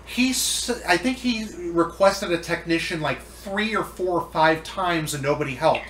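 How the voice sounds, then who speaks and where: Male podcast host, a bit high, echoey room, rambling fan talk. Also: normal speed, a bit bright, a little hiss or hum. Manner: rambling, enthusiastic geeky tangents. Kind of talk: casual chat.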